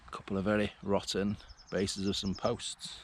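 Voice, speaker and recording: Walking vlogger: English man, lowish voice, chatty, thinks aloud, faint outdoor noise. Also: completely flat delivery, moderate pace. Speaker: railway exploring vlogger. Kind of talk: casual walking commentary. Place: outdoors on an overgrown disused railway line.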